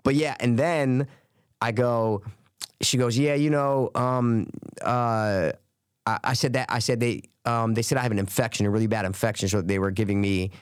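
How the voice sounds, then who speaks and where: Male co-host, casual chat, medium pitch, dry close sound, animated and swearing. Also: normal speed, clean tone, no echo. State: recovering from covid. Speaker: podcast co-host.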